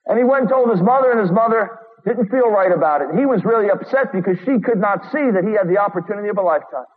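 Speaking fast and expressively, a very high-voiced man delivers an urgent, earnest sermon, reading out quotations and slipping in sarcastic remarks. The audio has the thin, phone-like quality of a radio broadcast, plus long hall reverb.

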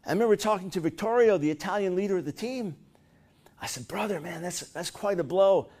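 Middle-aged male preacher, high voice, lively storyteller, punches up quoted lines. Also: fairly quick. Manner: animated storytelling, rising to loud high-pitched bursts when acting out quotes. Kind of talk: sermon.

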